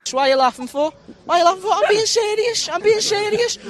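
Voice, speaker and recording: A man's voice: very high-pitched, animated, fast, a bit bright. A man with a Liverpool Scouse accent, heard in a soundboard clip, repeatedly insisting he is serious. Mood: insistent. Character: excitable male football fan insisting he is serious.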